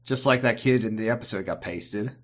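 A man's voice: on the low side, brisk. A man co-hosting a casual podcast, rambling playfully and tripping over his own sentences. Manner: rambling, self-interrupting, playful. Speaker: podcast co-host.

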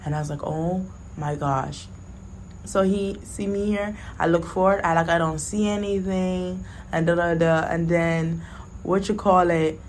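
A young woman tells a casual storytime. She is blunt and animated, her voice sits fairly low, and there is a faint hiss of noise behind her. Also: a little slow. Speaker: vlogger.

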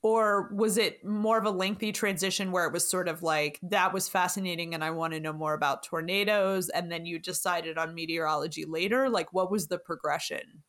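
A woman's voice: lowish voice, fairly even intonation, a little fast, few pauses, fairly bright tone. Enthusiastic woman podcast host. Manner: enthusiastic, laughs often. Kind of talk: casual chat.

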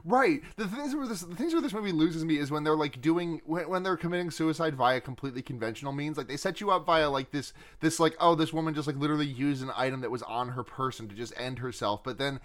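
A man co-hosting a podcast, retelling a film's scenes in casual, animated, profane chat. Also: fairly high pitch, fast talker, hardly any pauses. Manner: animated, swearing, laughs while retelling scenes. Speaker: podcast co-host. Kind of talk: casual movie review chat.

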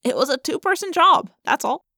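A woman's voice: high-pitched, fairly quick, no echo, studio quality, pitched above the performer's own voice, exaggerated voice. Woman voicing a wisecracking teenage boy. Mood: wry. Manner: joking, lively delivery. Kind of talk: audiobook character voice.

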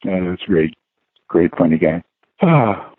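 Man, lowish voice, rambling storyteller, chuckles a lot, thin phone-line sound, dry. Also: very animated, slow pace, husky, dry recording. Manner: rambling anecdotes with chuckles and "you know" fillers. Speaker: guest musician. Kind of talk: casual storytelling interview.

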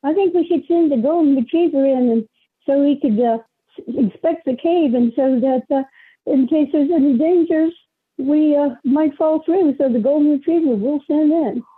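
A woman's voice: sits high, moderate pace. A woman taking a turn in an improvised story, speaking hesitantly. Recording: tinny phone-line audio.

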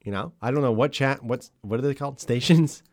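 A young man co-hosting a podcast in casual chat, joking and swearing with quick laughs. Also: medium pitch, a little mellow, no room sound, clean studio sound. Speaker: podcast co-host.

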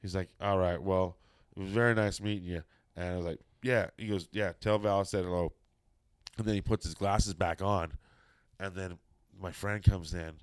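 Brief: middle-aged man, low smooth voice, dry close sound, swears freely while spinning a story. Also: no room sound. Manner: profane, animated storytelling with quoted voices. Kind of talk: casual anecdote telling.

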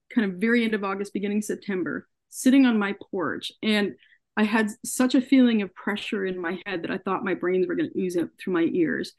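In an interview, this woman from Canada earnestly shares a personal story, voicing the quoted lines of others. She speaks with a medium-pitched, slightly mellow voice.

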